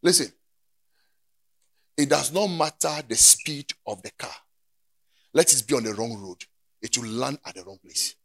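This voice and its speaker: A man preaching a sermon, dropping to quiet talk and then rising to shouted, sing-song preaching. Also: medium pitch, lively intonation, measured pace, long pauses.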